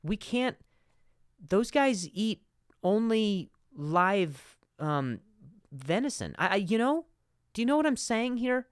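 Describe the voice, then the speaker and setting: A man hosting a comedy podcast, ranting in an animated monologue with frequent stutters and asides. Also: high voice, takes it slowly, clean tone, no room sound, studio quality.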